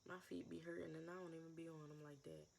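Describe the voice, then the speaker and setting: Gravelly-voiced woman in her twenties. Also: deep voice, flat delivery, quick pace, a little mellow, a little hiss or hum. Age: 20s. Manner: raw, emotional, repeats phrases, sighs between thoughts. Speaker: vlogger. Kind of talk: personal confessional vlog.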